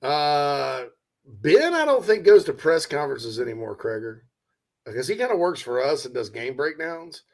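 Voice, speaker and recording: A man's voice: fairly high pitch, sing-song, normal speed, darkish tone. A man from South Carolina hosting a casual sports talk show, joking and reading out audience comments. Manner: joking, chatty, reads out audience questions.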